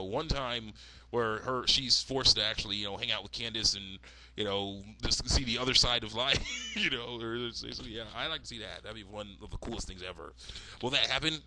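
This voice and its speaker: A man's voice: medium pitch, pushed and bright, no echo, low-quality recording. A man giving casual, rambling commentary as a cartoon fan, laughing often. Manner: rambling, with frequent laughs and fillers.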